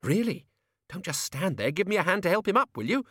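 A man's voice: high voice, very animated, brisk, fairly bright tone, husky, no echo, clean studio sound, pitched above the performer's own voice, full character voice. A man doing a curt impatient young woman. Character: brisk young woman, sharp and impatient governess.

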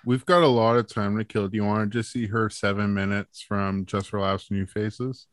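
Dry-humored low-voiced male co-host. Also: steady tone, normal speed, no room sound. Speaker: podcast co-host. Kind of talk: casual chat.

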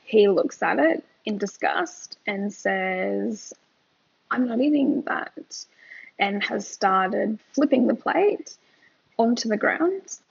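A woman's voice: medium pitch, expressive, takes it slowly, vocal fry, husky, lo-fi sound. A mother co-hosting a parenting podcast, chatting candidly and laughing as she tells stories, worn out from lost sleep. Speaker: podcast co-host. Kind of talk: casual chat.

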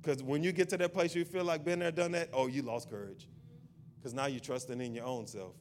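A man's voice: medium pitch, steady tone, a little fast, a little hiss or hum. A male pastor preaching a sermon in a church. He repeats his point insistently and builds into a fervent prayer.

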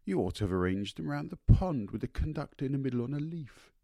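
A man's voice: mid-range voice, very animated, fast, vocal fry, warm tone, dry recording, studio quality, pitched above the performer's own voice. A man voicing a gushing, affected young society woman in a storybook reading, with a trilling manner.

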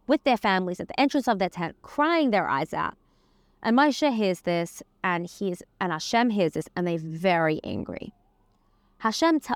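Here a female Torah teacher, her voice on the high side, leads an informal lesson on the week's portion and threads Hebrew terms and scripture through it. The recording is dry.

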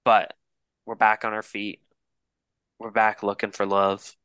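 A man's voice: lowish voice, completely flat delivery, unhurried, pushed and bright, clear, resonant tone, no echo. Young man telling a rambling profane story. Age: 20s. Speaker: podcast co-host. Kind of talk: casual storytelling chat.

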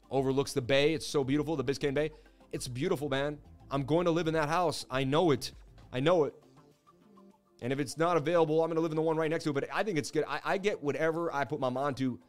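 A man around forty hosts a casual crypto livestream, chatty and hyped as he reacts to viewer messages. His voice sits a little high for a man. Soft music plays faintly behind him.

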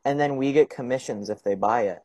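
A man's voice: mid-range voice, brisk, dark tone, dry recording. A teenage boy hosting a podcast from his room at home, chatting eagerly and playfully, often stumbling and restarting his words. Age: teens. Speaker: podcast host. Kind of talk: casual chat. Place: home bedroom.

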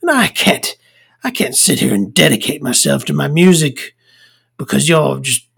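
A woman's voice: low-pitched, animated, normal speed, vocal fry, breathy edge, exaggerated voice. A grumpy older man brushes someone off in a blunt, irritable voice, as a woman puts him on. His tone is dismissive and tired. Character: grumpy older man who wants to be left alone.

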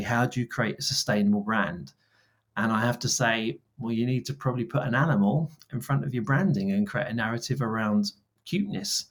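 A man in his forties, a guest on an interview podcast, telling stories with lively quoted dialogue. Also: mid-range voice. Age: 40s. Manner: animated, acts out dialogue in quoted voices. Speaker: guest, brand founder. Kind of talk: storytelling interview answers.

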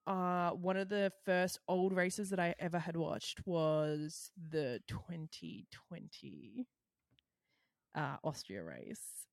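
A woman co-hosting a podcast, talking in an excitable, chatty way with plenty of quick asides. Her voice sits fairly low for a woman, and the sound is dry and close. She keeps the chat casual and lively. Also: vocal fry, no echo. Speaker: podcast co-host.

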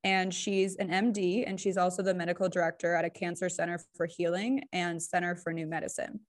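A woman co-hosting a podcast in casual chat, talking fast and loose with lots of "like" and "right?". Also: on the low side, little pitch movement. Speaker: podcast co-host.

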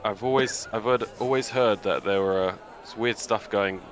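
A man's voice: lowish voice, normal speed, crowd noise, close to an everyday voice. A man voicing a blunt, wary adventurer in a tabletop game. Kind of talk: tabletop game role-play.

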